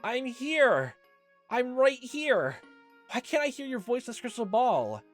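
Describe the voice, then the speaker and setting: A man voicing a frantic young girl in a game playthrough, crying out loudly and pleading for help. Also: very animated, a little slow, faint music behind, full character voice. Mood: frantic shouting. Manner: shouting, high and strained.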